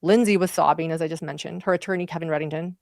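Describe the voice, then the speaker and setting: A woman's voice: low-pitched, steady tone, very fast, gravelly, darkish tone, no echo, clean studio sound. A woman commentating on a trial, recounting events in vivid, emotional detail. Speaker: true crime commentator.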